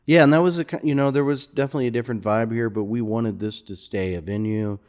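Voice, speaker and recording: A man from Missouri, a musician guest, telling stories in a relaxed, casual interview conversation in a bar lounge. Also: mid-range voice, fast talker. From Missouri, USA.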